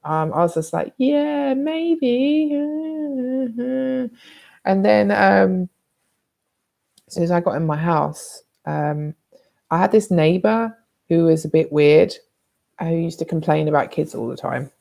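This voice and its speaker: A woman's voice: low-pitched, a little slow, vocal fry, a little mellow. A British woman vlogging, telling a personal story in a candid, blunt, rambling way with some swearing.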